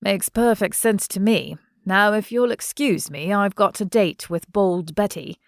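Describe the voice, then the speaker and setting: A woman's voice: medium pitch, a little slow, gravelly, dry recording, studio quality. A woman narrator voicing a playful young man who speaks in a wry, joking way.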